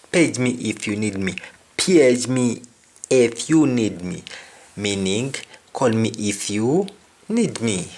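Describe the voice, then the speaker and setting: A man gives a relaxed language lesson at a very slow, careful pace. He repeats every word and sample phrase, pausing between them for learners to follow. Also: mid-range voice. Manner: repeats each word and example phrase twice. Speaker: language teacher.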